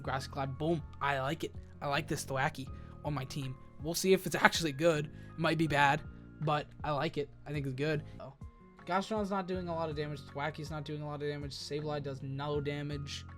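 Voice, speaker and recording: Guy rambling thru his team build, lots of um and like, faint music underneath. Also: fairly high pitch. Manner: rambling, self-correcting, many fillers like "um" and "like". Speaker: video creator building a competitive team. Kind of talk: casual thinking-aloud commentary.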